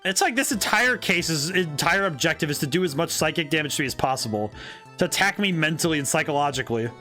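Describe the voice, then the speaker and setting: A man giving live-stream commentary while playing a game, reacting with loud disbelief, with faint game music behind. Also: fairly high pitch, expressive, quick pace. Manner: incredulous, exclamatory.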